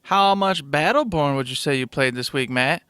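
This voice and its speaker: Bright-voiced, teasing podcast host man. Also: fairly high pitch, moderate pace, clear, resonant tone, no room sound, studio quality. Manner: jokey, teasing, laughs easily. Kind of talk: casual podcast banter.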